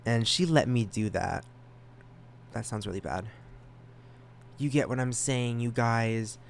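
A young man hosting a solo podcast, talking casually, excited and self-conscious, stammering through restarts and rambling. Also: mid-range voice, unhurried, gravelly, slight background noise. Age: young adult. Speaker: podcast host.

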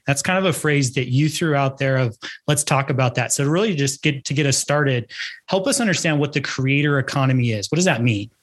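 A man's voice: medium pitch, fairly bright tone. A man hosting a podcast interview, friendly and encouraging, asking questions in a casual way. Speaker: podcast host.

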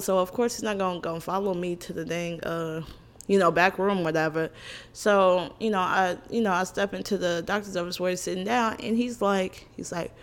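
A young woman vlogger telling funny stories about her family in a casual chat. She is animated and blunt, with exclamations, laughs and cursing. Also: medium pitch. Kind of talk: casual comedic storytelling to camera.

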